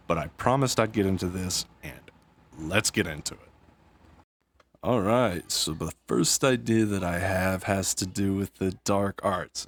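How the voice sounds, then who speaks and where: A man and father talking casually about a video game, rambling, tripping over his words and laughing at himself. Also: on the low side. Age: adult with young kids. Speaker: gaming YouTuber. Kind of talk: casual gaming commentary.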